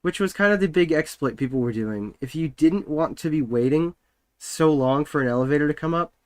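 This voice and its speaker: A man's voice: a little high, fairly quick, no room sound. A young man streaming from home, chatting casually and rambling with lots of filler words while he works.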